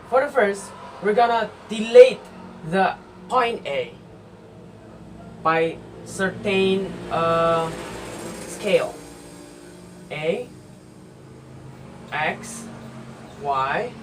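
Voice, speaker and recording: A man talks through a math lesson slowly, pausing often and restarting words. He sits well back from the mic in an indoor room. A steady air-conditioner hum runs beneath his voice. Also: high-pitched, recorded from a distance. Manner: slow, halting, step-by-step with fillers and self-corrections. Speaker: student explaining math.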